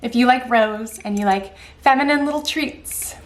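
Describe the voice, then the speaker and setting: Woman, bubbly, gushing, casual vlog, slightly high voice. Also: moderate pace, slight background noise. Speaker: astrology vlogger.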